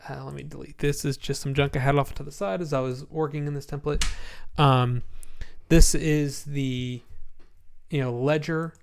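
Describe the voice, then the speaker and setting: A man giving a casual screen-share walkthrough of a spreadsheet template, sleepy and yawning, relaxed and rambling with many ums. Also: a little high, moderate pace, gravelly, slight background noise.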